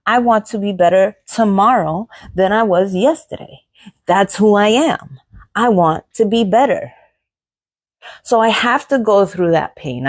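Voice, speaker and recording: Middle-aged woman podcasting, earnest pep talk, keeps repeating herself and asking why, mid pitch. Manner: earnest, repeats phrases, asks rhetorical questions. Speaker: podcast host. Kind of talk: motivational monologue.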